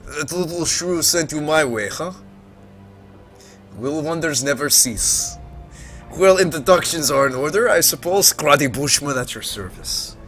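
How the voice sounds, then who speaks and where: A man voicing a gruff but well-meaning old male junk dealer with a put-on German accent. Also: fairly high pitch, a bit bright, faint music behind, voice pushed up. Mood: wry. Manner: gruff, slow and hearty.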